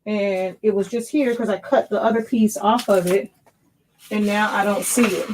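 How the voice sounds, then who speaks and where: A middle-aged woman who owns a small printing business chats casually while she works through a live craft demo. She thinks out loud and corrects herself mid-sentence. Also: medium pitch, steady tone, moderate pace, a little hiss or hum. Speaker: small business owner demonstrating sublimation printing.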